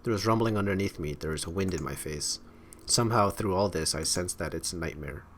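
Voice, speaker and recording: A man with a very deep voice reads a visual novel's narration aloud in a casual playthrough. He breaks off now and then for wry asides. A faint hiss sits under the recording. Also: a little fast, fairly bright tone. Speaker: game streamer. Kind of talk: reading game text aloud with casual commentary.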